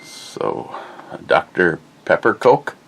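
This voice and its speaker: A man hosting a casual review vlog, talking in an unhurried way and searching for words with fillers as he describes a drink. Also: deep voice, expressive, a little hiss or hum.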